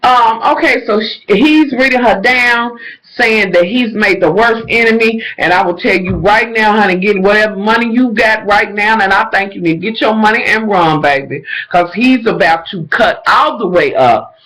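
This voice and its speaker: A high-pitched man gives a profane, animated recap of a TV episode. His voice is bright and forceful, and he talks with sassy flair, addressing his viewers as y'all in casual vlog chat. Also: normal speed, hardly any pauses, rough recording.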